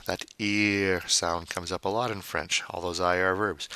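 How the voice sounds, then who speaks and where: A man teaching French vocabulary, modeling each word slowly and repeating it, with playful asides. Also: deep voice, steady tone, pushed and bright, no echo. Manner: slow, drawn-out model pronunciations with repetition. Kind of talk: vocabulary pronunciation lesson.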